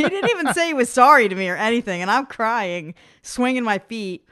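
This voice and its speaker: Animated woman telling a story in her forties. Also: on the high side, fairly quick, few pauses. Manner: animated storyteller, acts out quoted voices. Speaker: podcast co-host. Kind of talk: casual chat.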